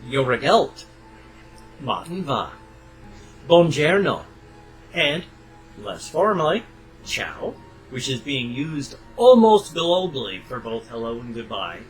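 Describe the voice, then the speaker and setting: Older man, webcam vlog, lively pitch, chatty tangents, faint music behind. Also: moderate pace, low-quality recording. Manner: animated, chatty, tangents, loud bursts. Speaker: vlogger. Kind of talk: rambling casual webcam monologue. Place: at home.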